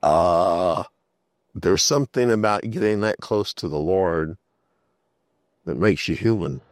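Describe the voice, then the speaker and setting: A man's voice: low voice, slow pace, dry recording, studio quality. A male preacher delivering a sermon in a storytelling way, repeating key phrases for emphasis.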